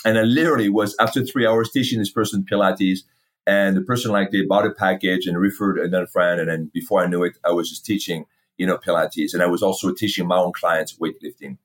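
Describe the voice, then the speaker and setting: Middle-aged male guest, lowish voice, blunt storyteller who swears and mimics dialogue. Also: steady tone, a little fast. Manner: candid, swears freely, acts out past dialogue. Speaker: fitness company founder, guest. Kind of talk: casual storytelling interview.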